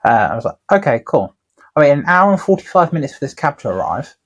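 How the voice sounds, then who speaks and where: A man's voice: on the high side, very animated, fast, highs cut off. A man, a tattooer co-hosting a podcast, telling long rambling anecdotes in casual chat with plenty of swearing.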